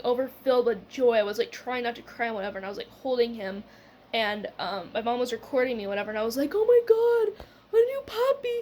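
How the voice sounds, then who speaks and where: Young woman rambling thru a story, says like a lot, kinda high voice, faint hiss behind. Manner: rambling, full of "like" and "whatever", laughing. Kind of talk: casual storytime.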